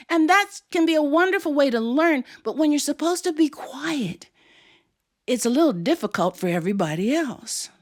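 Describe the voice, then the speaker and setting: A woman storyteller telling a story in an animated, expressive way with frequent chuckles. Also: a little high.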